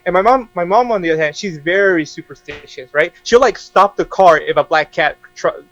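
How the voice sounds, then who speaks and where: High-voiced animated young man. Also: fairly quick, dry recording, lo-fi sound, soft background music. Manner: animated, acts out quoted dialogue with frequent laughter. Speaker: podcast guest. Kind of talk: casual storytelling.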